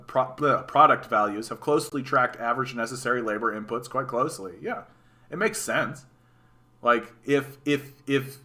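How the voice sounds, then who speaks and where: A man with a Canadian accent giving casual, sarcastic political commentary on a live stream, reacting to chat and often restarting his sentences. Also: mid-range voice. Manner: animated, sarcastic, repeats words and restarts.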